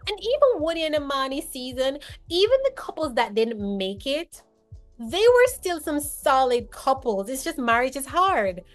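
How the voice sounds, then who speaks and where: A woman with a high, bright-sounding voice chats casually as a co-host. She talks in an animated, emphatic way and hops from one thought to the next. Faint music plays underneath. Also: moderate pace. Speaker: co-host of reality TV chat. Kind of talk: casual chat.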